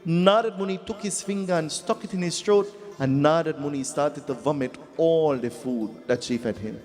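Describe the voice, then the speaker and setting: A man's voice: a little high, moderate pace, a little mellow. A man with a Trinidadian accent, a pundit giving a folksy, humorous devotional sermon full of repeated phrases. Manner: folksy, humorous, repetitive storytelling. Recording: echoey hall with faint music.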